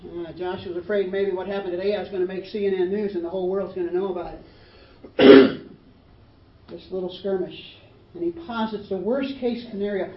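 A woman preaching a sermon with dramatic swings, acting out the voices of the people in the story and building to loud peaks. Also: mid-range voice, moderate pace, pauses often, a little hiss or hum. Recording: roomy, distant, muffled hall recording.

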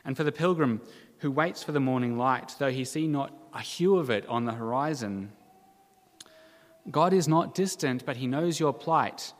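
A man preaching a sermon in an earnest, measured way, with dramatic quoted cries now and then. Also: mid-range voice, in a large hall. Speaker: pastor.

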